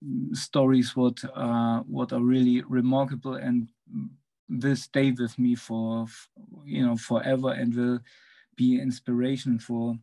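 Over a video call in a casual online satsang, a devotee shares a memory, halting and searching for words, laughing between phrases. His gravelly voice is mid-range and mellow, with little pitch movement.

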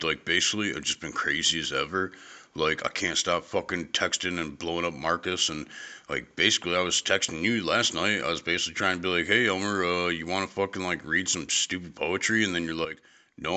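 A man's voice: deep voice, fairly quick, pushed and bright. A young man in casual comedy banter, rambling, whiny and profane.

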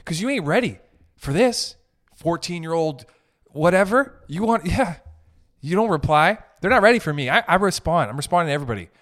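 A young man hosting a podcast, ranting in a comedic, animated way, swearing and laughing as he goes. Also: on the high side, brisk. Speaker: podcast host. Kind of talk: comedic rant.

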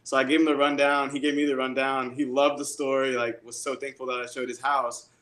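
A man telling fishing stories in a casual, excitable way, with lots of "like" and laughs. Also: mid-range voice, a little fast. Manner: excitable, animated storyteller. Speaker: guest angler and realtor. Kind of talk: casual storytelling. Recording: roomy echo.

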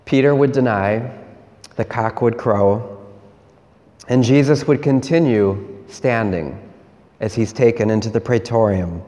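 A male priest delivers a sermon at a slow, measured pace, coming back again and again to short refrains. His voice sits at an ordinary middle pitch. It carries a long reverb, like a church hall. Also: mellow.

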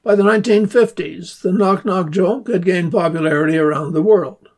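A man hosting a community radio segment, telling the history of a joke form in unhurried scripted narration and reading the jokes aloud in playful voices. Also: high-pitched, darkish tone. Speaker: radio host.

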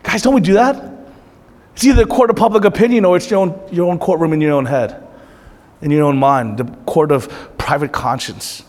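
A pastor giving a conversational sermon, moving between lively asides and quiet, intense passages. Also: male voice, fairly high pitch, fairly quick. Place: church hall. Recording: long reverb of a hall.

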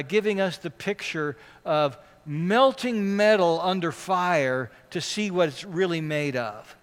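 A man with a notably high voice delivers a sermon, earnestly preaching and letting his volume climb and fall for emphasis. The sound carries a long hall reverb around him. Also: a bit bright. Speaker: pastor.

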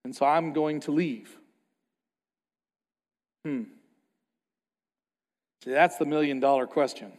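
A pastor delivers a sermon in a high, light male voice. He preaches with passion, dropping low and quiet, then rising loud. His voice rings with the long reverb of a big hall. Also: fairly even intonation, takes it slowly, pauses often.

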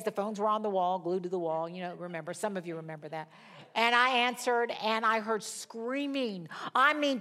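An older woman with a slightly high voice teaches a Bible study like a sermon. She tells her stories with animation, laughs along, and acts out the voices of the people she quotes. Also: fairly bright tone. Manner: laughs while telling stories. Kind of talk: sermon-style teaching with storytelling.

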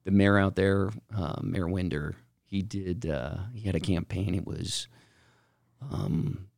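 A man with a gravelly, somewhat low voice, chatting on a podcast in a rambling, excitable way. The sound is close and dry, with no room around him. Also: moderate pace, no echo. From Utah, Salt Lake Valley. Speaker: podcast co-host. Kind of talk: casual podcast chat.

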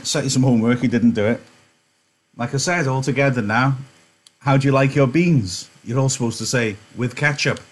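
A man's voice: mid-range voice, fairly quick, husky. A man teaching an online literature lesson, chatty and joking, interrupting his own reading to explain. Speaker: English teacher.

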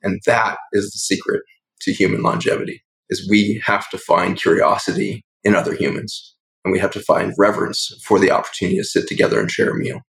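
Low gravelly man, earnest and reflective. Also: fairly even intonation, a little fast, a bit bright, low-quality recording. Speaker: guest doctor. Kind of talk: podcast interview storytelling.

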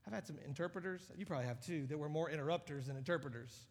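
Male guest preacher, slightly high voice, energetic, emphatic delivery, long hall reverb. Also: very fast, husky. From United States. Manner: animated, rising to loud emphatic peaks. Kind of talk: sermon. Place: large church auditorium.

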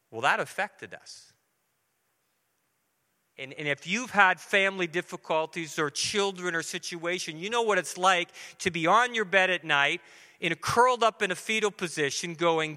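A man's voice: high-pitched, normal speed, sharp tone. A middle-aged man preaching a sermon in a church, talking earnestly and conversationally to the congregation. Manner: earnest, conversational, acts out dialogue. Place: church sanctuary. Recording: long reverberant hall.

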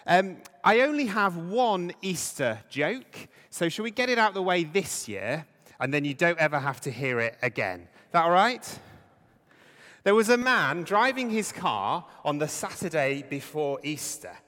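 Vicar, casual hesitant sermon; bright-ish animated voice, long church echo. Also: male voice, on the high side, a little slow. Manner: conversational, hesitant with fillers. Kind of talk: Easter sermon.

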